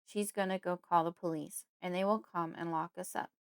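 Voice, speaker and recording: Woman voicing a desperate father, urgent, pleading, loud, horror audiobook, dry close mic. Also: lowish voice, steady tone, normal speed, clean tone, no room sound, natural voice. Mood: whispering.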